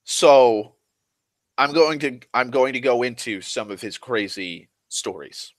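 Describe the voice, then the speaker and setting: A young man rambling through a casual vlog monologue, restless and full of restarts, swearing freely and swinging between loud and soft. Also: mid-range voice, lively intonation, slow pace, no room sound. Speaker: vlogger.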